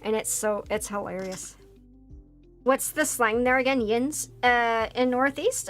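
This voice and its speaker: A woman's voice: on the high side, slow. Chatty woman with a Philadelphia accent. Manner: rambling and chatty, many fillers and self-restarts. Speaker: VTuber streamer. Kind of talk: casual chat while building a model kit. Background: faint background music.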